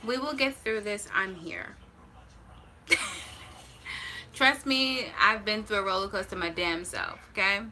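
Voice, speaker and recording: A woman's voice: mid-range voice, sharp tone, slight background noise, poor audio. A woman tarot reader talking casually on a livestream, blunt and reassuring, swearing freely and stretching out her key words for emphasis. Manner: emphatic, drawn-out stresses.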